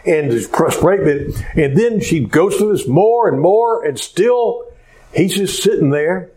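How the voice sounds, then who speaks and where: A pastor with a high-pitched male voice preaches slowly, telling a story in an animated way with frequent hesitations. The recording is rough.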